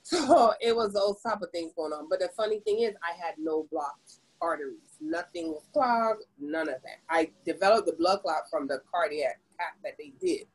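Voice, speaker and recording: A woman from the Caribbean in her forties tells her story as a podcast guest, her lowish voice carrying a husky grain. She talks casually and expressively, with big leaps in pitch as she relives moments. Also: animated, normal speed, hardly any pauses, low-quality recording. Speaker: podcast guest, business owner.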